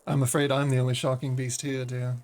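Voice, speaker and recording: A man's voice: medium pitch, level tone, a little fast, a little mellow, slight background noise, close to an everyday voice. A man voicing a tipsy, flamboyant male bard with a theatrical put-on accent, cheeky and calling everyone dear. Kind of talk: in-character banter over a game.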